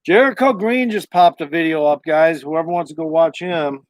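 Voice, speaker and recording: A man's voice: a little high, moderate pace. A man livestreaming from home, talking in a loose, meandering way with a lot of swearing. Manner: loose, profane, meandering talk. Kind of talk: casual rambling livestream chat.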